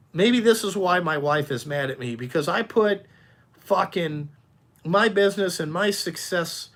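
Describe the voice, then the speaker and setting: Speaking in a high-pitched, slightly bright voice, this dump truck business owner answers his livestream chat with a blunt, profanity-heavy rant. His delivery keeps looping back on itself, full of repetition and halting restarts.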